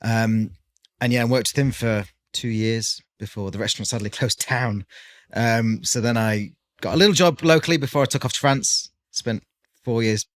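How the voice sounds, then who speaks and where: A man's voice: medium pitch, moderate pace. A British man in his forties, a caterer guest on a podcast, telling his story in a rambling, chatty way with lots of fillers. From United Kingdom. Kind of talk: casual podcast chat.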